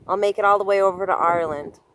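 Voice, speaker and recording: Standing by the ocean near a car, this woman talks fast into her handheld phone for a casual vlog chat, with noise in the background. Her voice is mid-range with fairly even intonation, and she laughs a lot and keeps apologizing.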